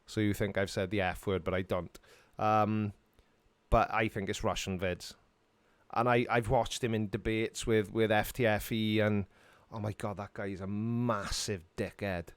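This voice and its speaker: A man's voice: lowish voice, steady tone, unhurried, smooth, dry recording. A middle-aged Welsh man hosting a casual live stream, rambling and joking while answering chat questions from his home studio. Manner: rambling and jokey, laughs often.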